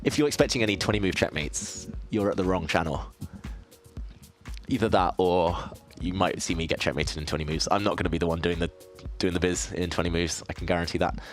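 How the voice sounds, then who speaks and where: A man with a low, deep voice talks through his chess moves on a live stream. He thinks aloud, chats easily with his viewers and pokes fun at himself. Soft music plays faintly behind him. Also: a little fast. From southeast England. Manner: thinks aloud, self-deprecating, chatty with viewers. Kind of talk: casual live-stream commentary while playing.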